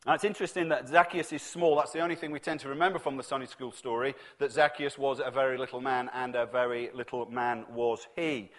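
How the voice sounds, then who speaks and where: A man's voice: medium pitch, flat delivery, fast, few pauses, a bit bright. A man preaching a sermon in a conversational storytelling manner, acting out the voices he quotes.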